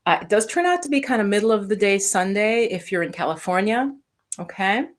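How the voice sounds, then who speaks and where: A woman's voice: mid-range voice, lively intonation, a little fast. A woman teaching meditation on a live stream, talking casually to viewers and explaining with everyday analogies. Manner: chatty, explains with homely analogies, talks to the chat.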